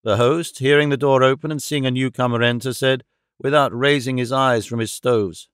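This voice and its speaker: A man narrating a classic novel audiobook in an even, steady storytelling manner. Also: medium pitch, normal speed, smooth, dry recording, clean studio sound.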